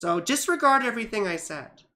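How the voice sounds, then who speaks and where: A woman astrologer chatting casually on a livestream, rambling with many fillers and grumbling at her software. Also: on the high side, lively intonation, brisk. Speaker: astrologer reading charts on a livestream.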